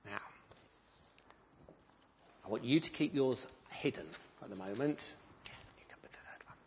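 Whispering in an unhurried, mid-range voice, a minister leads a children's talk in a church service, and the recording's highs are cut off. He animatedly narrates a story and quizzes the children as he goes.

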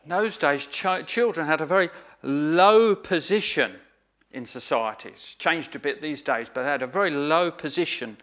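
A man's voice: fairly high pitch, normal speed, fairly bright tone. A man preaching an earnest sermon, stressing key phrases by repeating them. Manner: earnest, emphatic, with repeated phrases and small restarts.

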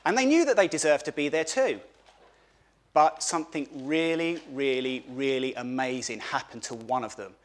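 A man giving a children's sermon at a family church service, animated, asking the children questions and repeating words for emphasis. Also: medium pitch, normal speed.

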